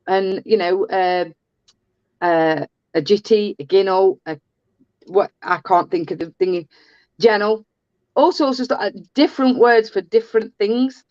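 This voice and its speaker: A woman's voice: mid-range voice, a little slow, darkish tone, no echo, muffled recording. A woman from the English Midlands with a Midlands accent, chatting and telling stories in a jokey way. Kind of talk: casual chat.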